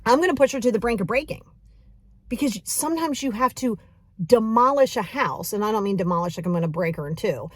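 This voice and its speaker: A woman's voice: on the high side, lively intonation, a little fast, no echo. A woman hosting a podcast as a coach, talking casually and animatedly, laughing often as she retells what a client told her.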